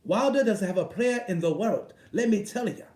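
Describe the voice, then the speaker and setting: A man's voice: sits high, expressive, moderate pace, darkish tone, pitched above the performer's own voice. A man doing an impression of a boastful older British father of a boxer, using a put-on British accent and declaiming a repeated catchphrase. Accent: attempted British. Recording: roomy echo, voice set back from the mic.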